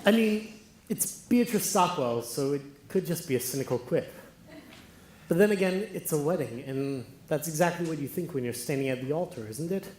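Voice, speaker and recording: A wry, rambling musical-theatre fan talks confidingly to the audience, as a man plays him on stage. His voice sits at an ordinary pitch. It rings out through a very echoey hall with faint noise behind it. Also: lively intonation, normal speed, a little mellow, lightly acted.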